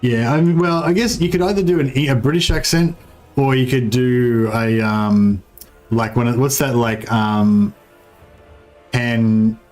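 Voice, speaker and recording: Faint music plays behind this Australian man as he chats while gaming on a livestream, his medium-pitched voice a little mellow and measured. He wanders from topic to topic, curses freely, and frequently leaves thoughts unfinished.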